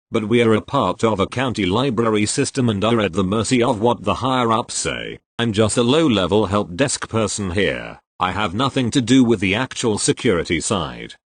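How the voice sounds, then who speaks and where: Lively low-voiced male story reader. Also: dry recording. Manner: dry storytelling delivery, quotes read with small voice shifts. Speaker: narrator reading posts aloud. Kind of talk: narrated story reading.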